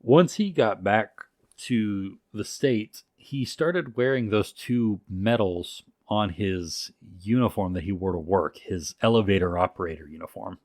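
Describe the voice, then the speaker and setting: A man co-hosting a podcast, telling a story in casual, profane, animated talk. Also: lowish voice, unhurried, dry recording, clean studio sound. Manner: animated, profane, full of restarts.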